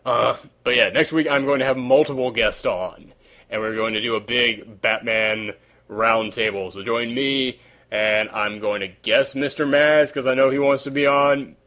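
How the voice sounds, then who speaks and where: At normal speed and with a fairly bright mid-range voice, a podcast host chats casually despite being worn out. His voice is sore in the hot, unair-conditioned room, and his talk wanders as he searches for phrasing.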